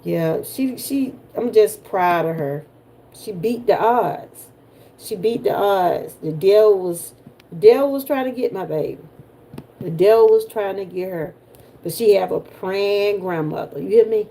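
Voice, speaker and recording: A woman's voice: mid-range voice, unhurried, warm tone, slight background noise. An older woman with a Southern US accent, from Georgia, hosting a casual livestream chat and talking straight to her viewers in a folksy way. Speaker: livestream host.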